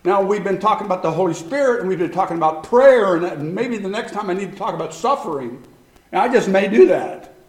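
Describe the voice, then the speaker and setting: High-voiced man preaching in an echoey room. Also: lively intonation, a little fast. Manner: emphatic preaching, swings from hushed to loud. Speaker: pastor. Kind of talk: sermon.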